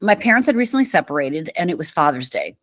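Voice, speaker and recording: A woman's voice: low voice, very animated, quick pace, fairly bright tone, no room sound. Vivid, emphatic woman storyteller from Michigan. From Upper Michigan, USA. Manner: vivid, emphatic storyteller who acts out quoted lines. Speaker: podcast guest. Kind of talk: storytelling in an interview.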